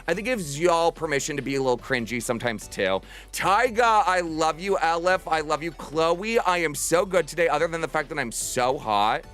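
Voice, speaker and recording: A man's voice: on the high side, expressive, fairly bright tone, soft background music. A young man streaming from home, chatting to his viewers in a bubbly, affectionate way. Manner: bubbly, affectionate, talks fast to chat. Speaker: livestreamer. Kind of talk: casual stream chat. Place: home room.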